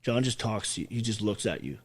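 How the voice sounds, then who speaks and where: An army veteran guest on a podcast tells his story emotionally, talking fast in a fairly low, expressive voice. He's blunt and swears heavily, acting out what other people said.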